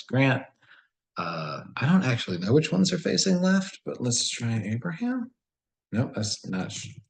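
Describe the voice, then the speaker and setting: A man's voice: deep voice, rough recording. A man solving a word puzzle and thinking aloud in a casual, musing way, often questioning himself. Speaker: puzzle solver.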